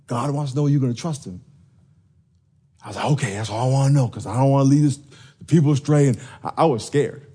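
A man preaching a sermon, telling stories with animated energy and acting out the quoted voices. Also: medium pitch, quick pace, breathy edge. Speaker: pastor.

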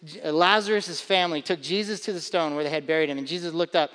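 A pastor preaching to his congregation with a bright, high-set male voice. He talks in a loose, conversational way, pushing key points hard and doubling words as he goes. His voice rings out with the long reverb of a big hall. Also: steady tone, fast talker. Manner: conversational, emphatic preaching with repetitions. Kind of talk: sermon.

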